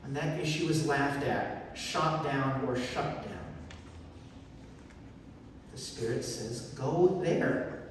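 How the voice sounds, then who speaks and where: A man's voice: mid-range voice, takes it slowly, long pauses, slight background noise. A man preaching a sermon with earnest emphasis, recorded on a phone in a church sanctuary. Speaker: pastor. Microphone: phone recording from the pews. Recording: echoey church hall from far off.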